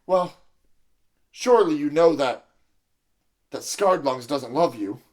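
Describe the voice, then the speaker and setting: A man's voice: on the high side, lively intonation, takes it slowly, a little mellow. A man improvising an earnest undercover cop who stammers and hesitates, in an audio comedy. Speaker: improv performer.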